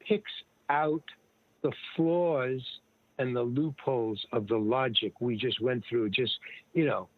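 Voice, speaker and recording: Slow and medium-pitched, an older male guest rambles through casual anecdotes, digressing, restarting, and quoting others. The sound comes through a dry, tinny, phone-like line.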